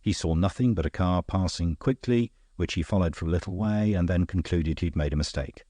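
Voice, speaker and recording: A deep-voiced, worldly gentleman detective, as a man reads him aloud, explaining himself in a calm, dry, knowing way. The audiobook sound is close and dead, with no room around it. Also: a little fast, no room sound. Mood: wry.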